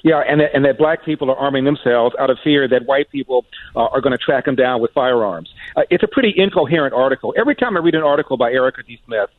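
A man's voice: mid-range voice, expressive, quick pace, no echo. A man calling in as a guest commentator, sardonic and chuckling as he talks. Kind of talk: talk show commentary. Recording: tinny phone line.

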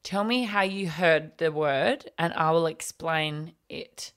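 A woman's voice: low voice, takes it slowly, smooth. A woman telling a family story in casual chat, laughing often as she goes. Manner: animated, laughs often while telling stories.

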